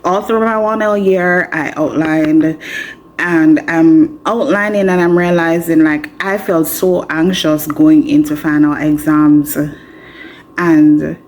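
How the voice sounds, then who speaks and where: A woman with a Jamaican accent, a law student vlogger telling candid stories to the camera in a chatty, expressive, frank and self-mocking way. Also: low voice, slow pace.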